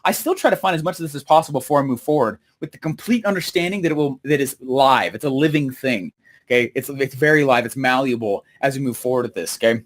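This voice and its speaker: A man's voice: mid-range voice, quick pace. A man hosting a live question-and-answer stream, talking energetically and telling stories with many repeats and fillers. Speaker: host answering viewer questions.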